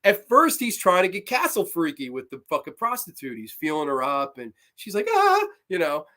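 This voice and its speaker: A man hosting a casual live-streamed horror movie review, excitable and profane, with lots of fillers. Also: on the high side, brisk.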